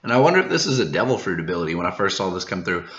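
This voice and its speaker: A man hosting a manga review channel, reading through a chapter in an excited reaction, chuckling often and saying "uh" a lot. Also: deep voice, rapid-fire. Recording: roomy, dull lo-fi sound.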